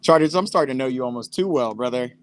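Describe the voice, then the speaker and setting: A man's voice: medium pitch, fast talker. A young man hosting a live watch-party stream, chatting casually over a football match in a laid-back, slangy way and talking straight to his chat.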